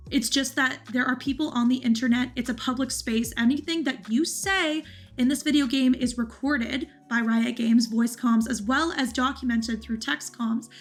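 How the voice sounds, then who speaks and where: A woman hosting a gaming video, giving an earnest, cautionary voice-over about gameplay clips. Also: high voice.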